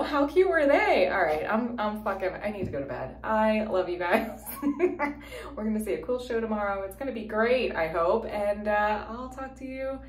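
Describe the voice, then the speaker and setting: A young woman from New Jersey telling a story to camera in a casual, profane vlog style, full of quick asides. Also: fairly high pitch. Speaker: lifestyle vlogger. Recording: roomy echo.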